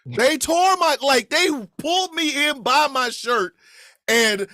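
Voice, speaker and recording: A man from Kansas City telling a comedic story on a podcast. He talks in an animated, profane way, acting out the voices of the people in it and breaking into shouts. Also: very high-pitched, slow pace, no echo, studio quality. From Kansas City, USA.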